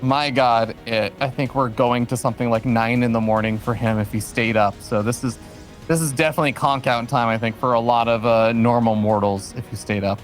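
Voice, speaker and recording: A man's voice: medium pitch, steady tone, fairly quick, soft background music. A man co-casting a live strategy game match, trading playful banter and breaking down the play in detail. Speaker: esports caster.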